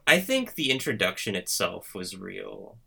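A man's voice: on the low side, very animated, a little slow, gravelly, pushed and bright, slightly rough. A young man in casual chat about a film, laid-back, often giving short agreeing replies. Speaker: podcast co-host.

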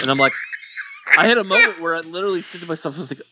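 A man's voice: a little high, a little fast, very noisy. A man co-hosting a podcast in casual chat, rambling and self-deprecating, with lots of restarts. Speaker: podcast co-host. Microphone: podcast microphone.

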